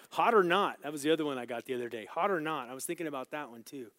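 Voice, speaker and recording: A man teaching a Bible lesson as a sermon, swinging between loud, emphatic scripture reading and quiet, casual asides to his listeners. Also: on the high side, fast talker, no room sound. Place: church room with small group.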